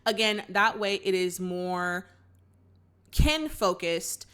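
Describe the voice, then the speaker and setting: A woman's voice: mid-range voice, slow pace, smooth. A young woman hosting a movie reaction, recapping the plot in casual chat and talking straight to her viewers. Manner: animated, acts out characters' lines, talks to viewers as y'all.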